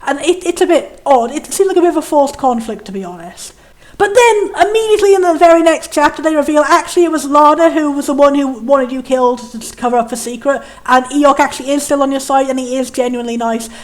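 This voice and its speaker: This woman reviews a game in a casual, wandering way, her voice sitting high. Sarcasm and frequent laughter run through it, along with brief impressions of the characters.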